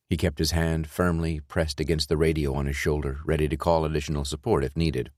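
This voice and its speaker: A man reads a thriller audiobook in a measured, even way. His voice is very low, and the recording is dry and close, with no room sound. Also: no room sound. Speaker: audiobook narrator. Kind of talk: scripted narration.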